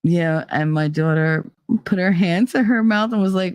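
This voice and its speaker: A woman's voice: on the low side, measured pace, darkish tone, clear, resonant tone, dry recording. A middle-aged woman hosting a casual solo talk show, blunt and opinionated, swearing freely and laughing often. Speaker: podcast host.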